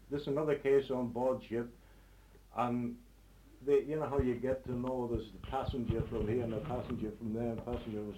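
A man telling a funny story at a relaxed, middling pitch, often circling back to correct himself. A light hiss runs beneath the recording. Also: rough recording. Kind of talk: telling anecdotes.

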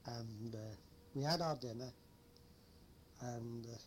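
A man's voice: mid-range voice, takes it slowly, a little hiss or hum. An older man, a former lighthouse keeper telling a rambling old story with chuckles. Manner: rambling, chuckling anecdotal teller. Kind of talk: oral history storytelling.

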